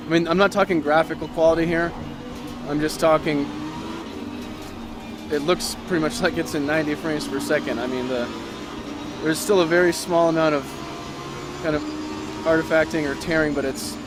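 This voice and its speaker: Middle-aged guy on a headset mic, bit high voice, gets all fired up about his racing sim, lots of uhs. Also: normal speed, long pauses, over music. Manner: excitable, talks in bursts with many fillers. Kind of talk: casual commentary while driving.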